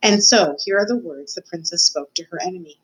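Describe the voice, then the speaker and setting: A woman's voice: fairly low pitch, a little fast, slightly rough, low-quality recording. A woman reading a children's novel aloud, telling it expressively and voicing the characters herself. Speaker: reader.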